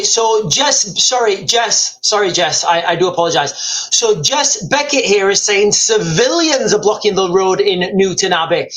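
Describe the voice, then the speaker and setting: High-voiced man hosting a live stream. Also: fairly bright tone, low-quality recording. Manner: rambling, repeats himself, talks straight to viewers. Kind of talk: live stream chat, reading comments.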